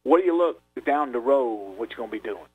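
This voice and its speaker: A man's voice: medium pitch, expressive, a little fast, slightly rough, no room sound, phone-quality sound. A man hosting a radio talk show, asking a guest casual questions and often stumbling over his words. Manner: warm, repetitive, stumbling questions.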